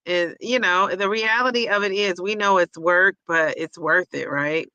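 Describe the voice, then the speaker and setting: A woman's voice: fairly low pitch, moderate pace, pushed and bright, smooth, dry recording, highs cut off. A woman hosting a casual livestream, chatting and reading viewer comments aloud, often repeating them back with a laugh.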